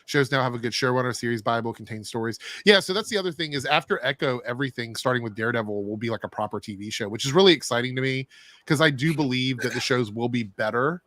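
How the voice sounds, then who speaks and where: Fast-talking man hosting a chat stream. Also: medium pitch, fairly bright tone, no room sound. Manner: opinionated, talks fast, reads viewer messages. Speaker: show host. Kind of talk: casual livestream chat.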